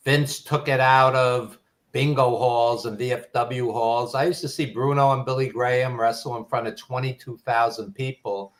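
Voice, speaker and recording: An older man with a Brooklyn accent, a podcast guest telling nostalgic stories in a rambling way full of ums. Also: mid-range voice. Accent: Brooklyn New York. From New York. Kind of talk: casual storytelling.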